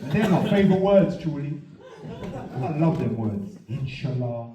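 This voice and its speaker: A man performing a stand-up comedy set, swinging between muttered asides and loud punchlines. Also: fairly high pitch, lively intonation, unhurried, dull audio, very noisy. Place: comedy venue with a live audience. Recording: roomy venue, mic heard from a distance, loud crowd laughter.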